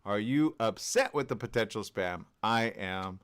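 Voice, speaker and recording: A man hosting a casual radio morning show, animated and jokey, with big jumps in pitch for emphasis. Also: measured pace, clear, resonant tone. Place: radio studio.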